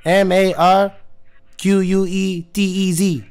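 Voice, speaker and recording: A man's voice: high-pitched, flat delivery, slow pace, a little mellow, clean tone, pitched above the performer's own voice. A man putting on a pushy, blunt young job hunter with a thick put-on accent for a prank phone call. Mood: eager. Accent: Spanish-tinged put-on accent.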